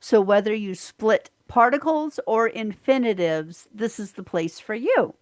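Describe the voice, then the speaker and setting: A woman's voice: medium pitch, expressive, measured pace, slight background noise. A woman co-hosting a podcast, chatting casually about an episode and finishing her co-host's sentences. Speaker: podcast co-host. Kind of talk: casual episode recap chat.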